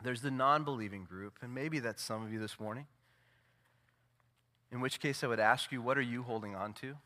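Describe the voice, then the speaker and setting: A man preaching a sermon as pastor, swinging from loud, emphatic peaks to low, intimate asides. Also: normal speed. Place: church sanctuary.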